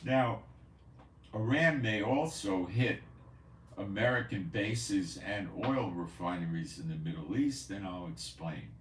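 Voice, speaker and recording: A man's voice: low-pitched, lively intonation, a little slow, roomy sound, recorded from a distance, slight background noise. A man hosting a prophecy news channel, talking casually and rambling, repeating himself now and then. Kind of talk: casual commentary. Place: home in Israel.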